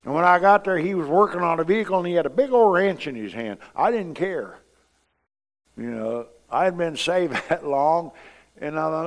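A man's voice: on the high side, moderate pace, big-room sound. Man preaching a conversational sermon. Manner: conversational, swings from hushed to loud emphatic preaching.

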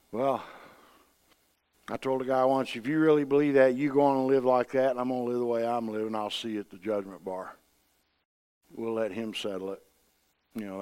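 Preaching in a folksy, conversational manner, this medium-pitched middle-aged man alternates loud emphatic outbursts with quiet asides.

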